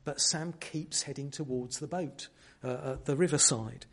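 A man's voice: mid-range voice, moderate pace. A man preaching a sermon, earnestly explaining a word and telling a story to make his point.

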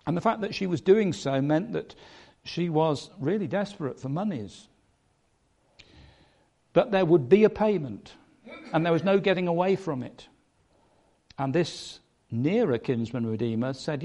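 A man preaching a sermon, emphatic, stressing points by changing his loudness and pace. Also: a little high, animated, unhurried, pauses often.

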